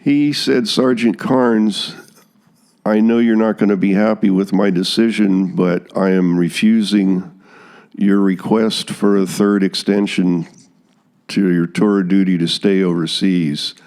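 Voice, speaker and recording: An older man with a fairly low voice tells his war story in an interview. He speaks plainly and steadily, and he slips into the voices of the officers he remembers as he recalls them. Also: steady tone, a little slow, a little mellow. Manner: plain-spoken storytelling, acting out quoted officers. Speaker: Vietnam veteran interviewee. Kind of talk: interview recollection.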